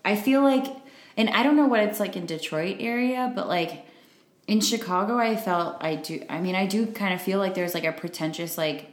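A woman's voice: mid-range voice, moderate pace. A young adult woman co-hosting a casual chat, telling stories with lots of fillers. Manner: chatty storyteller, many fillers. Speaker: podcast co-host. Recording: roomy echo.

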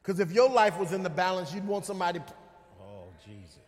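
A man with a very high voice preaching in a church, his sermon ringing through a hall with a long echo. He drives his points home with repetition and calls out to the congregation. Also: fast talker. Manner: emphatic preaching with repetition and call-outs to the congregation. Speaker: pastor. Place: church sanctuary. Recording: long reverb of a large hall.

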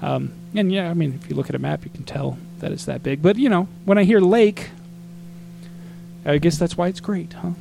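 A man from Arizona telling a travel story in casual podcast chat, exasperated and animated, acting out what people said. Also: fairly high pitch, moderate pace, vocal fry, a little hiss or hum.

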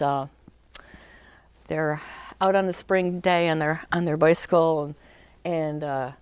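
This dry recording captures a woman's conversational talk on emotional healing for a small group. She restarts often and uses many fillers, occasionally acting out a crying child in a high shout.

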